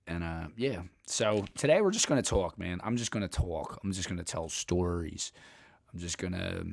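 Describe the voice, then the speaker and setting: A man's voice: low voice, expressive, moderate pace, creaky. A man hosting a podcast, telling stories in a rambling, profane, casual way and laughing often. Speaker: podcast host.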